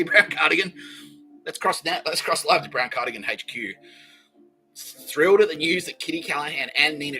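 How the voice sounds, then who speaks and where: A man's voice: on the high side, pushed and bright, poor audio. Profane, rambling man riffing. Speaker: podcast host. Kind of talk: rambling comedic monologue. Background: faint background music.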